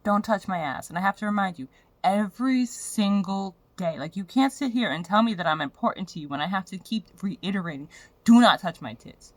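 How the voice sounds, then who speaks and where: A woman's voice: medium pitch, expressive, a little fast, no echo. A young woman vlogging in a frank, profane, rambling way about her personal life. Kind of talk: candid personal vlog rant.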